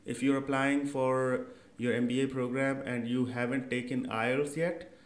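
Slightly slow and level in tone, a young man with a medium-pitched voice hosts an education channel and explains a screen-share tutorial. He speaks conversationally and casually, with many fillers and "right?" check-ins.

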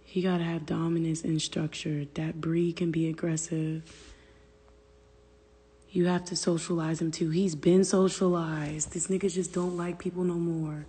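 A woman with a lowish, level voice talks at a moderate pace, sounding mellow and slightly rough in a big, roomy space. She's on a phone livestream from her family room, reading comments and chatting casually, rambling, swearing freely, and dropping into whispers.

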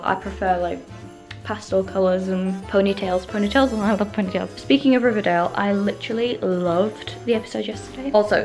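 A woman chatting in a casual vlog, gushing and excitable. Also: medium pitch. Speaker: vlogger.

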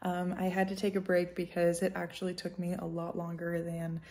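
A woman's voice: fairly low pitch, completely flat delivery, moderate pace, mellow. A young woman talking casually and cheerfully in a vlog, chatty with small fillers. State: out of breath. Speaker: vlogger. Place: home apartment.

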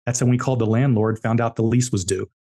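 A man's voice: mid-range voice, fairly even intonation, quick pace, mellow. A man, an entrepreneur guest on a podcast, telling business stories bluntly and emphatically, repeating key words. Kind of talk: podcast interview storytelling.

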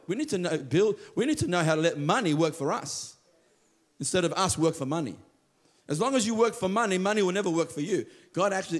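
A man preaching a sermon as pastor, telling stories with lively quoted voices. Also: on the high side. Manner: animated storytelling, acts out quoted voices. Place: church.

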